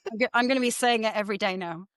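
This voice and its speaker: A woman from Norfolk, England, with a mixed English and mid-Atlantic accent, chatting about her work as a guest in a self-deprecating, animated way. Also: mid-range voice, rapid-fire, no echo, studio quality. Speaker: guest author and development economist. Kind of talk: casual interview chat.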